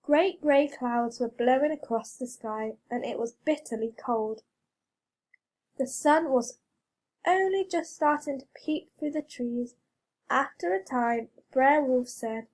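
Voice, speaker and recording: A woman reading a children's story aloud, slow, clear and expressive. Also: high voice. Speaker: reader.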